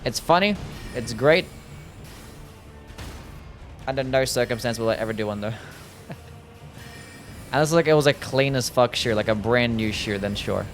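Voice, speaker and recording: A man's voice: medium pitch, unhurried, pauses often, faint music behind. A man casually streaming a game live, chatting and answering his viewers in a laid-back way.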